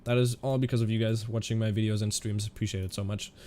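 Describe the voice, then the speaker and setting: A man streaming a flight simulator, chatting casually in a halting way and answering viewers' questions as he flies. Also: fairly low pitch, level tone, dark tone. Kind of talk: casual live-stream commentary.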